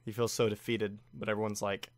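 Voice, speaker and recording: Excitable man reacting to an anime. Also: on the low side, a little fast, no room sound. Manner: excitable, laughing, with frequent restarts. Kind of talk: casual reaction commentary.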